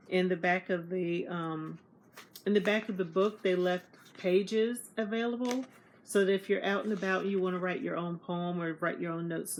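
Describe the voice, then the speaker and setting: A young woman, chatting casually to camera about meeting authors and acting out what people said. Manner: animated, acts out quoted dialogue in higher voice. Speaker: book vlogger.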